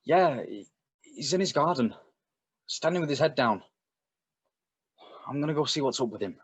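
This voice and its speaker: A man in his sixties with a British accent playing a skeptical neighbour who is checking on a strange man next door, speaking in a husky voice. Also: medium pitch, lively intonation, moderate pace. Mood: uneasy. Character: skeptical male neighbour growing frightened.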